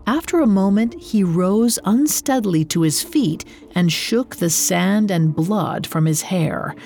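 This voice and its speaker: A woman reading a scripted story in a measured, expressive narrating voice. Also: mid-range voice.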